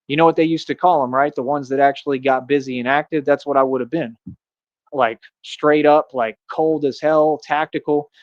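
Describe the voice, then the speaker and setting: Boastful man with a slightly high voice. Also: fairly even intonation, moderate pace, no room sound, dull audio. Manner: boastful and mocking, rambling with many fillers. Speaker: streamer. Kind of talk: livestream rant.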